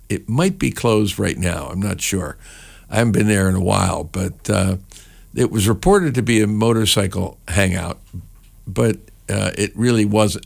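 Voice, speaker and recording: Middle-aged radio dj guy, super gravelly low voice, rambly and chatty. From New Jersey. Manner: rambling, chatty, many fillers and restarts. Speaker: radio host. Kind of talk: casual radio chat between songs.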